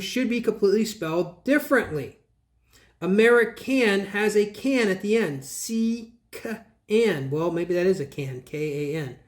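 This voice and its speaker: A man hosting his own channel, reviewing a book in casual, rambling commentary, scoffing at ideas and spelling words out letter by letter. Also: high voice. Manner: digressive, restarts and trails off.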